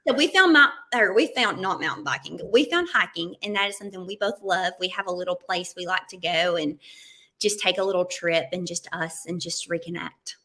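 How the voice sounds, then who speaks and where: Woman guest telling funny stories, lively, does the voices and sound effects. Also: fairly low pitch, a little fast. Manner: animated storyteller, acts out quotes and sounds. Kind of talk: casual anecdotal storytelling.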